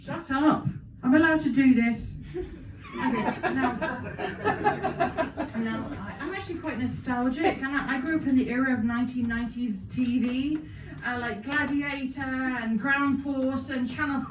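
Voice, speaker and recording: A woman's voice: high-pitched, measured pace, noisy background. A woman performing a crude, self-deprecating stand-up set and bantering with the crowd. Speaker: stand-up comedian. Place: comedy club stage. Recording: roomy, distant live club recording.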